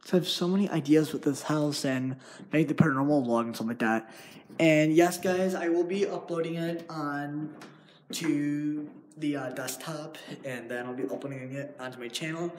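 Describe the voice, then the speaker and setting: A man's voice: a little high, fairly even intonation, normal speed, darkish tone, a little hiss or hum. Rambling young man vlogging in a house. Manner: rambling, many fillers and restarts. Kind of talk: casual vlog. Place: empty house indoors. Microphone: handheld device.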